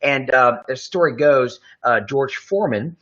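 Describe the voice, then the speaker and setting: A man's voice: mid-range voice, measured pace, pushed and bright, highs cut off. A man hosting a podcast in casual chat, telling rambling stories full of hedges and fillers. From Tampa, Florida area. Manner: rambling storyteller, hedging with "I believe" and "uh". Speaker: podcast host.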